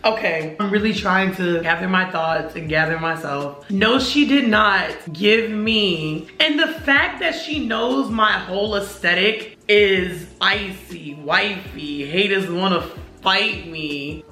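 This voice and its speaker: A woman's voice: mid-range voice, takes it slowly, few pauses, pushed and bright, echoey room, soft background music. A young woman vlogging an unboxing, gushing and slangy, talking straight to her viewers. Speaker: beauty vlogger. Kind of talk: excited unboxing vlog.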